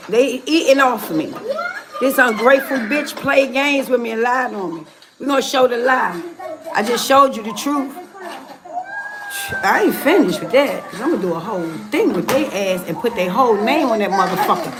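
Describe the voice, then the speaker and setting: Woman venting angrily on a live stream, cursing constantly, voice sits a little high. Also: a little fast. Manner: furious, profane, venting. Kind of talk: angry livestream rant.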